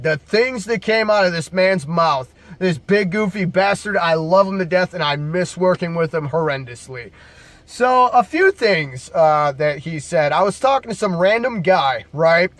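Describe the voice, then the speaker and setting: Man, laid-back bar storyteller, swearing, jokey, fairly high voice, dry close sound. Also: no echo. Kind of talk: casual storytelling to camera.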